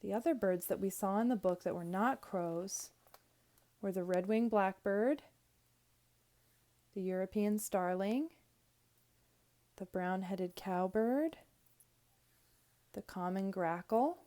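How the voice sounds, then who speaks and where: Female teacher, read-aloud for little kids, clear and expressive, mid-pitched. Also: takes it slowly, long pauses. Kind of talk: reading a picture book aloud to young children.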